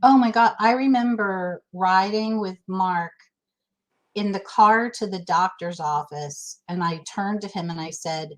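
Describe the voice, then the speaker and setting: A woman's voice: medium pitch, unhurried, low-quality recording. A middle-aged woman speaking candidly and emotionally as an interview guest, restarting her sentences often. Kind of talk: casual interview chat.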